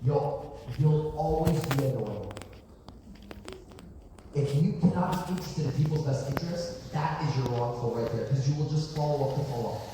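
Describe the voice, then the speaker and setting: A man's voice: mid-range voice, moderate pace, background noise. A man coaching salespeople in a punchy, emphatic style, repeating his points for effect. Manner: emphatic, punchy, repetitive asides. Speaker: sales trainer. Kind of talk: motivational sales coaching talk. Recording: echoey hall from far off, faint ambience.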